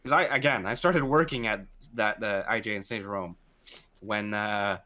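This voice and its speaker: A man's voice: lowish voice, normal speed, bright, forceful tone. A man co-hosting a casual podcast, telling work stories in a rambling way, swearing often and restarting his sentences. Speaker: podcast co-host. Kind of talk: casual chat.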